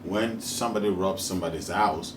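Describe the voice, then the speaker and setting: A man's voice: sits low, brisk, recorded from a distance, a little hiss or hum. A man from Ghana with a Ghanaian English accent, preaching a monologue built around stories, repeating his points with emphasis. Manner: repetitive and emphatic, rising to fervent. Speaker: spiritual teacher. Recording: roomy echoey recording.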